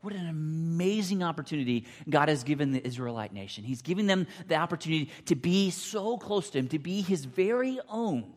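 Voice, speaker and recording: A male pastor preaching a sermon, telling a story dramatically, swinging between loud outbursts and hushed passages. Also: fairly high pitch, animated, a little fast, few pauses. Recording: long hall reverb.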